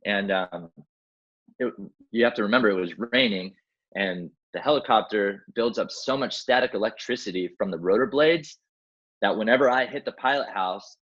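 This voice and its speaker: A man's voice: fairly low pitch, moderate pace, highs cut off. A young man, a rescue swimmer, telling a story in a casual interview, acting out the dialogue and using lots of fillers like "like" and "man". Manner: animated, acts out quoted dialogue, many fillers like "like" and "man". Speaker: guest, helicopter rescue swimmer.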